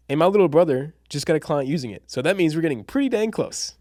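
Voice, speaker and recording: A man's voice: on the high side, expressive, fast talker, a little mellow, no echo. Slangy young man teaching, dry sound. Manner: casual and slangy, says "bro" and "dude" a lot; chatty, laughs at his own examples. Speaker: copywriting course teacher. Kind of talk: casual online lesson.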